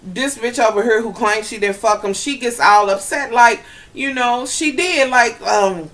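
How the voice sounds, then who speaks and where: A woman vlogger giving a profane, gossipy casual recap, talking straight to her viewers and getting loud when she is riled up. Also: medium pitch, moderate pace.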